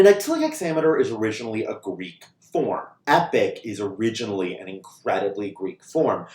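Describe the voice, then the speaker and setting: Animated, casual male lecturer in an echoey room. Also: fairly low pitch. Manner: casual and lively, frequent "right?" check-ins, mild swearing. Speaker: university classics lecturer. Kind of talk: recorded video lecture. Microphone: camera mic.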